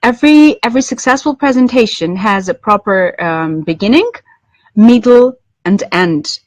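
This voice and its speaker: A woman English lecturer teaching business English, explaining in a measured way with frequent ums and restarts. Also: mid-range voice, expressive, darkish tone, dry recording. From Armenia.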